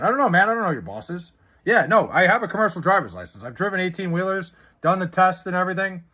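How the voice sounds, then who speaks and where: Profane, animated young male streamer. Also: high voice, fast talker. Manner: blunt and profane, swears often, answers chat questions. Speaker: streamer reading chat. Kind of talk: casual live-stream chat.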